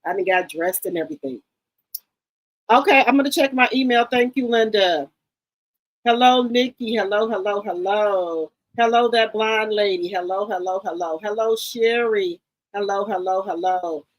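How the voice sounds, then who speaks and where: A woman's voice: medium pitch, normal speed, poor audio. Chatty woman hosting a live stream. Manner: chatty, greets viewers by name with repeated hellos; gossipy and excitable. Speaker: live-stream commentary host. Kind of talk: casual live-stream chat.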